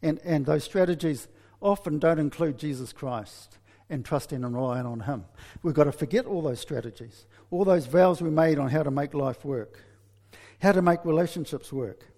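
A man preaching a sermon, telling a story with many restarts and lively asides. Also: on the high side, moderate pace, big-room sound.

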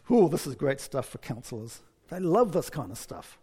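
A man preaching a sermon, telling a story with many restarts and lively asides. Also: fairly high pitch, moderate pace, slightly rough, in a large hall.

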